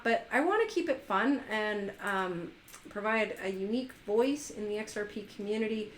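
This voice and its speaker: A woman's voice: a little high, low-quality recording. A woman hosting a live stream, chatting casually in a playful, teasing way with her viewers.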